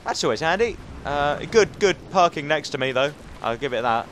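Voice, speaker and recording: A man giving casual, chatty gameplay commentary with excitable outbursts and self-mocking asides. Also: on the high side, moderate pace. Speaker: let's play commentator. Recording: game audio noise under the voice.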